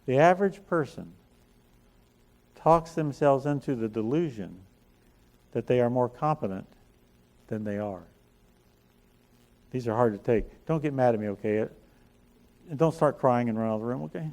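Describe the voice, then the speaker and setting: A man's voice: mid-range voice, normal speed, pauses often, a little mellow. A middle-aged man giving a motivational talk on a conference stage, telling folksy stories with self-deprecating jokes. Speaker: speaker at a chiropractic business conference. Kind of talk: motivational talk to a live audience.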